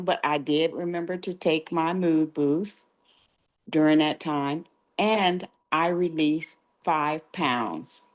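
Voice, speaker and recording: Low, slow-talking grandmother. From California. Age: older. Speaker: caller sharing a testimonial. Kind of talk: casual storytelling.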